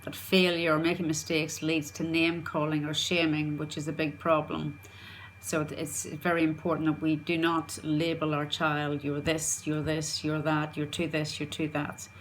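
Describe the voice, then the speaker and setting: A woman with a notably low voice gives parenting advice in a steady instructional talk. She is earnest and circles back to repeat her key points, with a faint hiss of noise behind her. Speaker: parenting coach.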